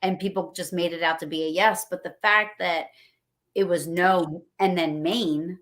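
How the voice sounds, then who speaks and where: Excited, rambling woman telling stories. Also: fairly low pitch, moderate pace. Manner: excited, rambling storyteller acting out quotes. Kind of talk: casual livestream chat.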